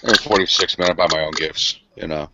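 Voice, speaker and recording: A man's voice: low voice, steady tone, fairly quick, lo-fi sound, noisy background. A man in his forties co-hosting a casual podcast chat, rambling and profane with a self-mocking humor. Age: 40s. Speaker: podcast co-host.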